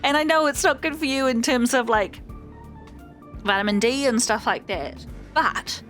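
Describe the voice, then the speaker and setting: A woman casually chatting and rambling as she hosts a let's play video, with animated swings in her voice. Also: on the high side, normal speed, faint music behind. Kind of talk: casual gameplay commentary.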